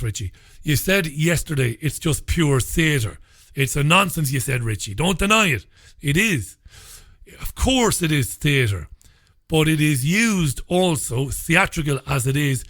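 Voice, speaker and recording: A man's voice: a little high, fairly bright tone. A man hosting a talk radio show, reading listener messages and answering them with blunt, sarcastic remarks. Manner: sardonic, sarcastic; blunt, swears freely.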